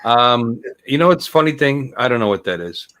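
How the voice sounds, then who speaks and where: Male host, mid pitch, dry teasing humor, easygoing chat. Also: animated, moderate pace, pushed and bright, slight background noise. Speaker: show host. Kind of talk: casual chat.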